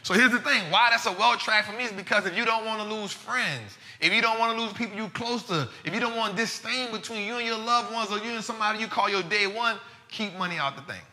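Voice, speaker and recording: A man hosting a live finance talk show, animated and casual, full of slang and repeated phrases. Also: high voice, quick pace, hardly any pauses, long reverb tail.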